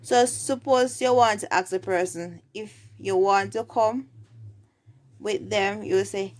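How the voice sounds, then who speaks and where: A woman's voice: medium pitch, fairly even intonation, slow pace, a little mellow. A woman with a Jamaican accent teaching everyday phrases, saying each example twice. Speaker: language teacher.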